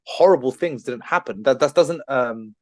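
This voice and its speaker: A man's voice: medium pitch, normal speed, darkish tone, dry recording. A man co-hosting a podcast, talking earnestly and at length in casual chat. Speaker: podcast co-host, trained therapist.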